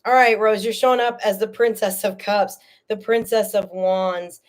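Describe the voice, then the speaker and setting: Woman reading tarot live, animated and chatty, tearful, keeps checking in with listeners. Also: medium pitch, moderate pace. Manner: animated, chatty, many "okay?" and "all right?" check-ins. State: tearful, emotional. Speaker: tarot reader.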